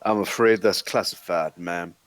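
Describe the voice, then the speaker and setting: A man's voice: sits low, steady tone, moderate pace, no room sound, lightly acted. A man playing a formal federal agent. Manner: formal, official.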